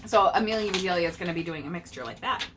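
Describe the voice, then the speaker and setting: A woman reading a picture book aloud to her child, pausing to explain idioms and acting out the characters. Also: lowish voice, fairly bright tone, slight background noise.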